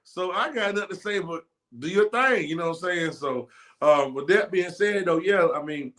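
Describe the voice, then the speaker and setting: A man's voice: sits high, normal speed, a bit bright. A man hosting an interview, laid-back and rambling with slang. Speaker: host. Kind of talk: casual interview chat.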